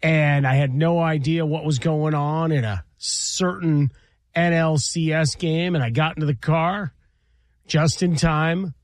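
A man co-hosting a casual sports talk radio show, chatty and chiming in with quick remarks. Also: fairly high pitch, no room sound. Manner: chatty, chuckling, chimes in.

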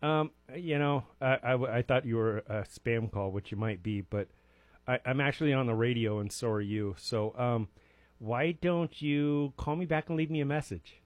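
In a radio studio, a man in his forties hosts a live show in a medium-pitched voice at normal speed, with no echo. He rambles casually through a list of daily observances, cracking self-mocking jokes.

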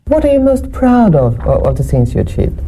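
A woman's voice: a little high, sing-song, brisk, mellow, a little hiss or hum, poor audio. A woman interviewer asking careful, probing questions in an archival interview.

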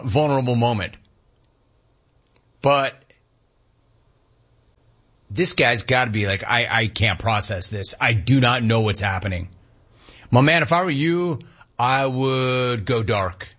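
A man's voice: medium pitch, a bit bright. A man hosting a sports talk radio show, delivering a punchy, emphatic monologue and repeating lines for effect. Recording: muffled broadcast audio with faint music.

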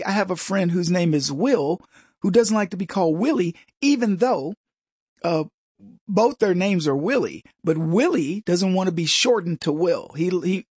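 Man, show host, husky voice, dry close sound, rambling opinionated commentary. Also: high-pitched, a little mellow, no echo. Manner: rambling, mimics other voices in anecdotes.

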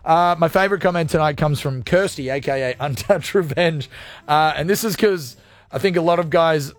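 A man's voice: a little high, moderate pace. A young man hosting a radio show, chatting casually, joking and swearing freely. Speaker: radio host.

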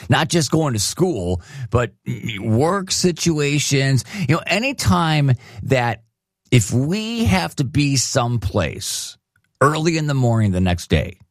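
Radio host, man, animated pitch, dry close mic, chatty promo read. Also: dry recording. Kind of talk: radio station announcement.

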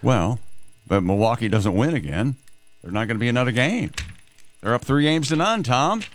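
A man co-hosting a morning radio show, cracking quick jokes and reading out news. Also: mid-range voice, animated, dry recording.

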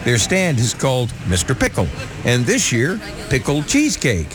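A man reporting on fair food in a casual, lively on-air chat, telling stories with laughs. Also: medium pitch, moderate pace. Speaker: news reporter.

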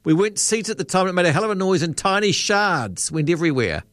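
Radio host guy, kinda high voice, dry close mic, lots of ums, laid back. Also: fast, no room sound. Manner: relaxed, musing, hesitant with ums and trailing questions. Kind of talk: late-night talkback radio chat.

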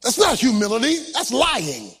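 Male pastor, very high voice, husky, sing-song shouting sermon. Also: huge pitch swings, moderate pace. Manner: rhythmic, half-sung preaching that rises to shouts.

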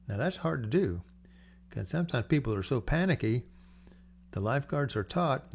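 A man's voice: mid-range voice, animated, normal speed, vocal fry, long pauses, darkish tone, slight background noise. An older man preaching a sermon in a conversational, storytelling way, acting out the voices he quotes. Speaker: pastor.

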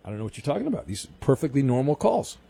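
A man from Southern California hosting a call-in sports radio show, teasing callers with dry, quick comebacks. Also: mid-range voice, big pitch swings, vocal fry, warm tone, breathy edge, no echo. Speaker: radio talk show host.

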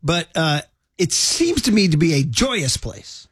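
A man's voice: on the high side, very animated, fairly bright tone, husky, dry recording, clean studio sound. A man hosting a sports radio show, bantering casually and joking with a co-host. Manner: jokey, laughing, quick asides.

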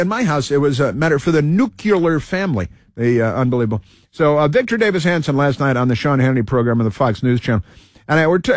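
A man's voice: medium pitch, no echo. Guy hosting a talk show, rambles n repeats himself, dead dry studio sound. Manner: digressive, stumbling, repeats himself with many fillers. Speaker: radio talk show host. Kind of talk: rambling opinion monologue.

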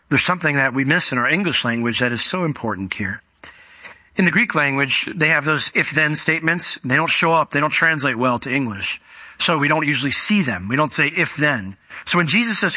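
A man's voice: on the high side, sharp tone, no echo. A man preaching a sermon in a conversational, storytelling way, briefly acting out the voices of Bible characters. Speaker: pastor.

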